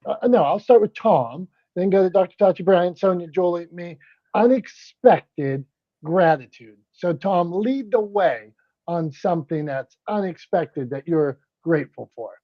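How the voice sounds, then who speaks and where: A man's voice: sits high, expressive, no room sound. A man co-hosting a casual group chat, upbeat and playful, keeping things moving. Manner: upbeat, playful, quick to move on. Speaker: co-host. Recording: dry, slightly dull sound.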